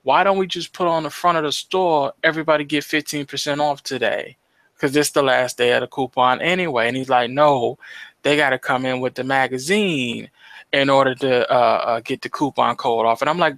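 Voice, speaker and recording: Speaking briskly in a mid-range voice, a young man co-hosts a laid-back podcast, recorded without echo. His storytelling is animated and full of swearing, and he mimics the people he's quoting.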